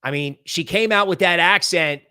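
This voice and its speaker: A man hosting a crypto livestream, giving market commentary in an excitable, rambling way and thinking aloud as he goes. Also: high voice, moderate pace, clear, resonant tone, no room sound, clean studio sound. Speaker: crypto channel host.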